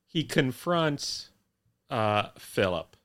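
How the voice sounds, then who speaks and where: A young man co-hosting a casual chat, recapping a plot with wry, deadpan humor. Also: mid-range voice, extremely slow. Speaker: podcast co-host.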